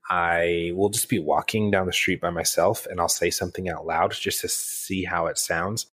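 A man's voice: sits low, fairly even intonation, normal speed, fairly bright tone, husky, dry recording, clean studio sound. A man co-hosting a casual podcast chat about running tabletop games, rambling with many restarts. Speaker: podcast co-host and game master.

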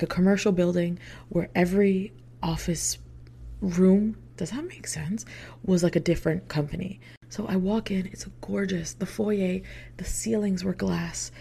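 Gravelly, dark-voiced young woman telling stories. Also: lowish voice, a little hiss or hum. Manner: chatty, swears freely, heavy filler words; drops into hushed whispered asides. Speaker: vlogger. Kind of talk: casual storytime.

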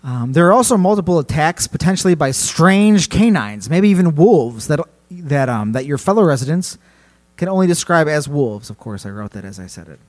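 Animated, playful male podcast host. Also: on the high side, normal speed. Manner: playful, laughs often, rambling asides. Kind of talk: casual storytelling chat.

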